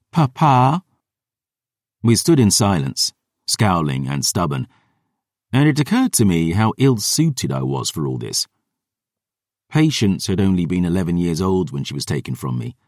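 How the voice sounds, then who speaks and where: A man narrating a first-person audiobook in a dramatic, expressive storytelling manner. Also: low-pitched, moderate pace, no room sound, studio quality.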